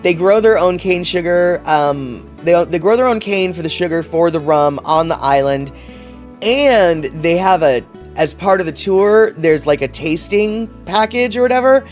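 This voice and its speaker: A man's voice: sits high, expressive, measured pace, soft background music. A man hosting a casual livestream, reading chat messages aloud and rambling in a chatty way, laughing often.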